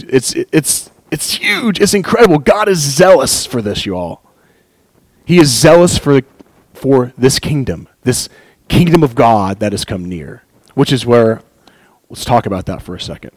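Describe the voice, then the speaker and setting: A man giving an earnest, animated Bible teaching, reading scripture aloud and commenting on it, often with a light chuckle. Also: medium pitch, no echo, rough recording.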